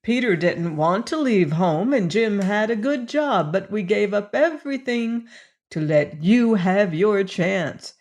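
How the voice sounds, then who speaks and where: A middle-aged mother speaks in a reproving, martyred manner, voiced by a woman narrator. Her delivery is slow and deliberate. This is an audiobook character voice. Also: medium pitch, lively intonation, darkish tone, natural voice.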